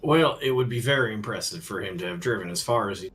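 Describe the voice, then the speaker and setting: A man's voice: on the low side, animated, fast, a bit bright. A man playing a tabletop game, speaking in a folksy drawl as his character. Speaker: player.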